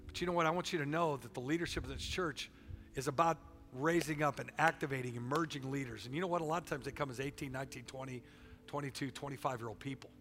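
A middle-aged man preaching a sermon as pastor, swinging between loud exhortation and quiet storytelling. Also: mid-range voice, steady tone, fast talker, faint music behind. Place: church sanctuary. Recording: long reverb of a large hall.

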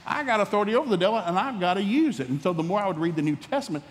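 A man delivers a sermon with a somewhat high voice, animated and folksy, slipping into playful acted-out exchanges. His voice rings out with the long reverb of a large church hall. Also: racing. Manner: animated, folksy, humorous preaching that acts out dialogues. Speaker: pastor.

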